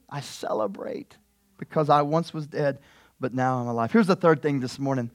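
A man preaching a sermon as pastor, telling a story with animated swings between hushed and loud delivery. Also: medium pitch, normal speed, no echo, studio quality.

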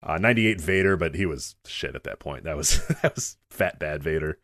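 A man's voice: very deep voice, lively intonation, fairly bright tone, dry recording, studio quality. A man co-hosting a podcast, rattling off wrestling history in casual chat, laughing and swearing often. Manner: rapid, laughing, profane rundown of wrestling history. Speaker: podcast co-host.

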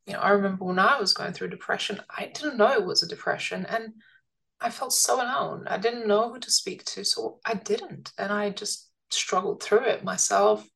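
A woman's voice: medium pitch, moderate pace, creaky, a bit bright, rough recording. A woman hosting an interview podcast, asking thoughtful questions and reflecting on her own experience. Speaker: podcast host.

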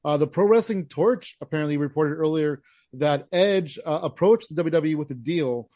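Friendly male host in his forties, a bit higher-voiced, dry studio mic. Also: moderate pace, warm tone, no room sound. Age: 40s. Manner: laid-back, friendly, conversational. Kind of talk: casual podcast chat.

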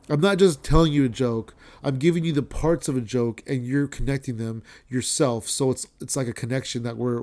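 Comedian host, male, 30s, casual rambling storyteller, mid-pitched voice, gets loud and excited. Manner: animated, swears often, rising excitement when retelling.

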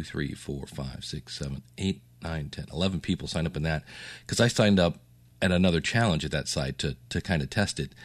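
Very deep-voiced man chatting on a podcast. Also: dry recording. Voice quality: low morning voice. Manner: rambling, chatty, with fillers and self-asides. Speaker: podcast host. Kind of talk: casual solo podcast update.

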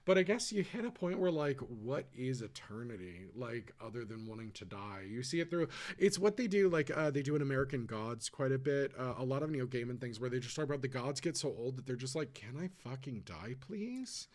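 A man co-hosting a podcast, chatting casually with lots of fillers and quick asides. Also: medium pitch, expressive, a little mellow. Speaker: podcast co-host. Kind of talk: casual chat.

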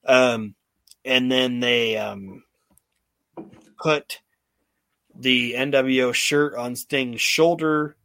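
A man's voice: mid-range voice, steady tone, extremely slow, creaky, long pauses, fairly bright tone, no room sound. A male podcast host recapping old wrestling shows in casual, profanity-laced storytelling.

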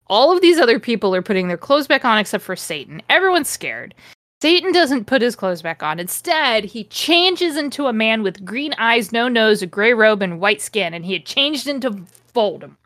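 A woman's voice: a little high, sing-song, normal speed, a bit bright, no echo, clean studio sound. A woman podcast host giving a comedic, mock-dramatic reading with sarcastic asides.

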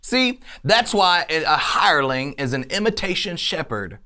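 An online faith speaker giving an energetic faith message to camera, chatty and animated, often laughing and urging listeners on. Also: medium pitch, measured pace.

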